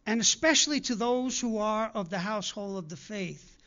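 A man's voice: high-pitched, animated, normal speed, bright, forceful tone, highs cut off. A man preaching a sermon to his congregation, earnestly urging them again and again and acting out the people he quotes. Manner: earnest, repetitive exhortation with acted-out quotes.

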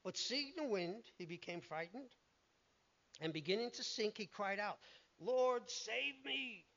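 A man's voice: sits high, animated, normal speed, a bit bright, muffled recording. A man preaching a sermon in an emphatic way, acting out the lines he quotes.

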